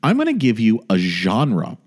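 A man hosting a podcast, telling stories in a playful, animated way. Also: on the low side, measured pace. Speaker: podcast host. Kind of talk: casual podcast chat.

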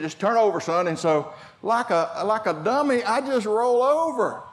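An older man preaching a sermon, telling family stories and shifting from shouts to quiet asides. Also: sits high. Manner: storytelling preacher, swings from shouting to hushed. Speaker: pastor.

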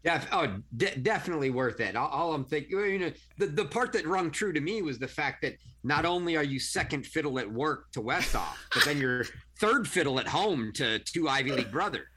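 Lively bright man teasing his co-host. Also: a little high, fairly quick, few pauses, slightly rough. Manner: dry teasing banter. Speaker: podcast co-host. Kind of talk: casual chat.

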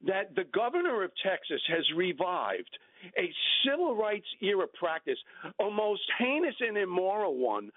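A man's voice: high-pitched, big pitch swings, moderate pace, no room sound. A man calling in to a radio talk show, arguing his point emphatically and repeating himself. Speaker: caller. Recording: tinny phone line.

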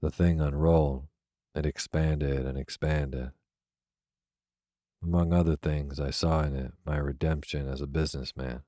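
A man reading a classic novel aloud as a soft, unhurried bedtime story. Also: a bass voice, no echo, studio quality. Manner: soft, even, unhurried delivery. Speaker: narrator. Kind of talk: slow, soothing sleep-story reading.

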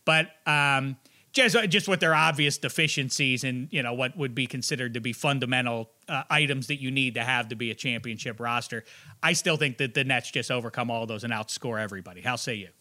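A man hosting casual sports talk, asking questions with lots of restarts and animated asides. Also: medium pitch, a little fast.

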